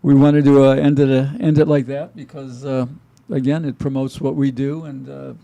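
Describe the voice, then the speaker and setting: Gravelly, mellow-voiced man chatting. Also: mid-range voice, flat delivery, normal speed, no room sound, lo-fi sound. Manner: laid-back, rambling with restarts and fillers. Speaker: show co-host. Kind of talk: casual chat.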